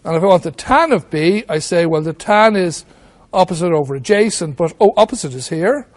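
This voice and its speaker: High-voiced man teaching trigonometry. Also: lively intonation, fairly quick. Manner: talks through steps with rhetorical questions. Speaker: maths teacher. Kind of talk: whiteboard lesson.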